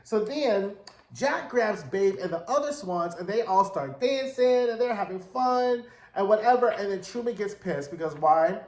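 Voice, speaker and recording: A man's voice: high voice, lively intonation, normal speed, a little mellow, roomy sound. A man giving a casual, slangy recap of a TV episode, telling it with sass and drama. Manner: sassy, slangy, dramatic storytelling. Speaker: TV recap reviewer.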